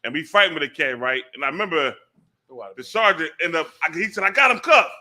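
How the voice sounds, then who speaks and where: A man telling a rough personal story in casual chat, animated and full of slang. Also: a little high, fast talker. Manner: animated, emphatic, uses street slang.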